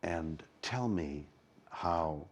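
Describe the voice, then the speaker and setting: An older man hosts an interview with deliberate, probing questions that push for details. His voice is very deep and has a husky grain. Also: expressive. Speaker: interview host.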